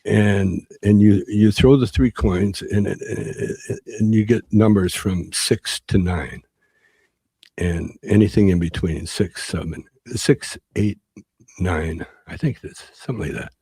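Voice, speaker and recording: A man in an interview, telling a rambling story with many halting restarts and fillers. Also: fairly low pitch, gravelly, warm tone, breathy edge, no room sound. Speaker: interview guest.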